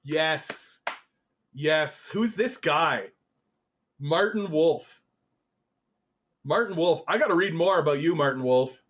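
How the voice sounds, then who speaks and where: A man hosting a political commentary show, reading an article aloud and reacting to it in an animated, swearing, exasperated way. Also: on the high side, slow, pauses often, slight background noise. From Canada.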